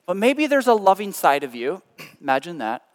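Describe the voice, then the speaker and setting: A man preaching a sermon, telling stories with animation and swinging between loud emphasis and hushed, quiet lines. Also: high-pitched, big pitch swings, normal speed, in a large hall. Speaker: pastor.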